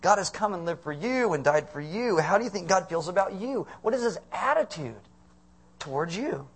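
A man's voice: high voice, expressive, moderate pace, slightly rough. A middle-aged man preaching a conversational sermon as pastor, asking the congregation questions.

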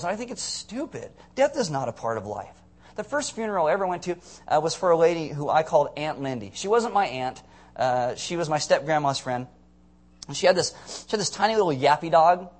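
A man preaching a sermon as a pastor, telling stories with jokes and asides to the congregation in a quick, conversational way. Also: a little high. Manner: animated storytelling with jokes and audience asides.

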